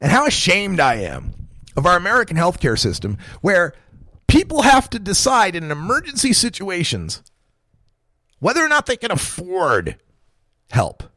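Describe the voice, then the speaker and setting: A man's voice: high voice, wildly swooping pitch, normal speed, bright, forceful tone, no room sound, clean studio sound. A man in his forties hosting a talk radio show, ranting with impassioned, profane energy and frequent chuckles. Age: 40s.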